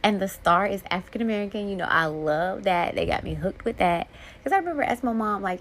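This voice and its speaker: A young adult woman hosting a casual solo podcast, talking in a candid, heartfelt way that swings between soft and bright. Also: medium pitch, quick pace, a little hiss or hum. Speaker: podcast host.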